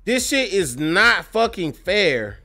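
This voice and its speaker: Cursing and jeering at enemies, this young fighting-game streamer lets his frustration spill out to chat in loud bursts of commentary. He speaks slowly in a high voice with big swings in pitch.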